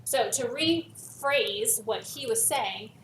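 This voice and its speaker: A woman chemistry teacher with a slightly high voice explains a worksheet step by step, leaning hard on the words she wants remembered. She sounds set back from the mic in a reverberant room, with a faint hiss underneath. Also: animated, slow, fairly bright tone, distant mic. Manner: stresses key words, repeats for emphasis. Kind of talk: recorded lesson walking through worksheet.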